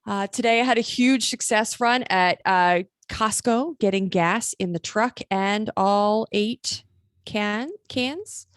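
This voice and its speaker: A woman's voice: medium pitch, takes it slowly, clean tone, no echo. A woman co-hosting a casual racing podcast, telling a chatty story and laughing easily. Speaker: podcast co-host. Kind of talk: casual chat.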